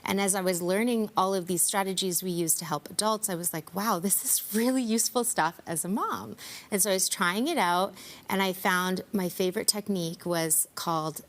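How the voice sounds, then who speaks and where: A woman's voice: mid-range voice, normal speed, fairly bright tone. A woman counsellor explaining her ideas in a friendly, conversational way during a morning news interview. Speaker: counsellor and author guest.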